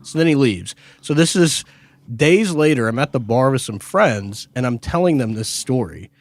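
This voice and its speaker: A man co-hosting a podcast, telling a story in a casual, animated and self-deprecating way, swearing freely. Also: medium pitch, moderate pace, dry recording. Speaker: podcast co-host.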